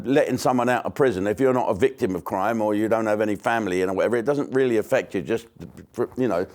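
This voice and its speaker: An older man tears into his subject in a blunt, foul-mouthed comic rant. His pitch sits in the ordinary middle for a man, and he breaks into asides and restarts as he goes. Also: a little mellow. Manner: blunt, sweary, mocking, with many restarts and asides. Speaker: comedian hosting his own online show. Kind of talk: ranting comic monologue.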